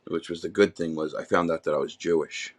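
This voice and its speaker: A man's voice: low-pitched, fairly even intonation, brisk. A middle-aged man, a podcast guest, candidly telling his life story in a raw, rambling way with many restarts.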